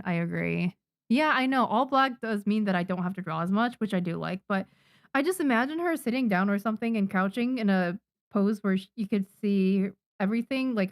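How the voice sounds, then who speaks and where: A chatty woman from Japan whose first language is Japanese talks to her stream viewers while working on manga designs. Her pitch swings freely as she gets excited, and the sound is dry and close with no room around it. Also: no room sound. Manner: chatty, excitable, quick to laugh. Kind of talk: casual live-stream chat while drawing.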